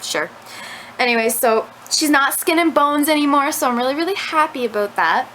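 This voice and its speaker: Her voice sits high, pushed and bright, at a moderate pace as this young vlogger chats to her camera indoors at home. The story wanders and is full of "like" fillers, captured by the camera mic in poor audio with slight background noise.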